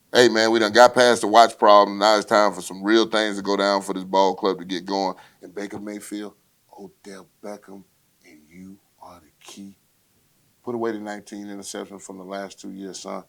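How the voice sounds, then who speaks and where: A fairly low-voiced man runs through the week's football on his own podcast. He talks loud and swaggering, throwing trash talk straight at his listeners. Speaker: podcast host. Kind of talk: solo sports rundown, casual and brash.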